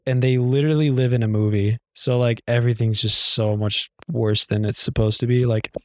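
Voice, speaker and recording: A young man in his twenties talks in a rambling, profane way, often poking fun at himself. His voice sits at a middle pitch and sounds close and dry. He slips into high, shrill impressions of dramatic girls. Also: fairly even intonation, a little fast, no echo. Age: young adult. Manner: rambling, profane, self-mocking. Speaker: podcast co-host. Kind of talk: casual chat.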